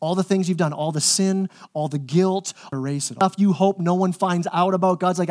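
Guy with a pretty high voice preaching, chatty and emphatic, keeps repeating words to drive it home. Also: fairly quick, few pauses, darkish tone. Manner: conversational and emphatic, repeats words when pressing a point. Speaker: pastor. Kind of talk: sermon.

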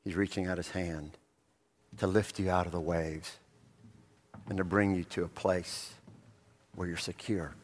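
A man's voice: sits low, steady tone, measured pace, long pauses, a little hiss or hum. A male pastor preaching a sermon, telling the story vividly and asking rhetorical questions of the congregation. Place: church sanctuary. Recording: long reverb of a church hall.

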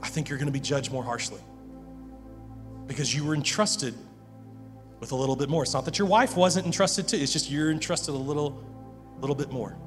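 A man's voice: on the high side, a little fast, long pauses. A man preaching a sermon as pastor, earnest, often repeating words as he presses a point. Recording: long hall reverb with music behind.

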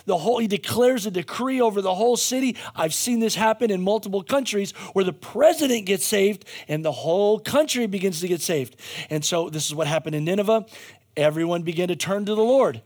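A male pastor giving a conversational sermon, telling a story with jokey asides and frequent restarts. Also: high voice.

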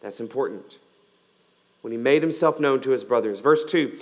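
A male pastor giving a sermon, swinging between loud emphatic lines and quiet, slowed-down ones. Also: medium pitch, big-room sound.

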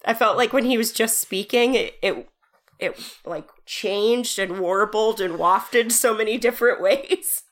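Woman, podcast co-host, casual movie chat, relaxed, laughs often. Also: on the high side, unhurried. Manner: relaxed, chatty, laughs a lot.

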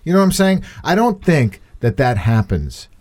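A man co-hosting a podcast, chatting casually about politics in a joking, animated way. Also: fairly high pitch, moderate pace. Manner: animated, joking, talks in bursts. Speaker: podcast co-host.

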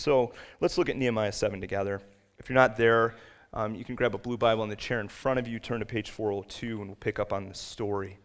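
A man preaching a sermon to his congregation, rising to loud, emphatic peaks when he reads scripture and quotes. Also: lowish voice. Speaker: pastor. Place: church sanctuary.

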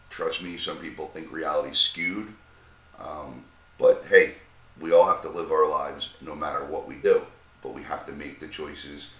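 Deep, bright-edged man in a roomy space. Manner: profane, philosophizing, blunt. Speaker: podcast co-host. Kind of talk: casual chat. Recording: roomy with faint noise.

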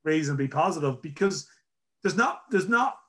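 A man's voice: fairly high pitch, expressive, normal speed, a bit bright. A man from Ireland hosting a football podcast in casual chat, rambling and self-deprecating. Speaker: podcast host.

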